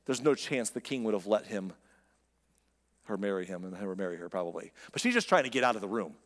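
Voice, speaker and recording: A man's voice: lowish voice, expressive, brisk, big-room sound. A man preaching a sermon in a conversational, impassioned way, speaking directly to his listeners. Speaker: pastor.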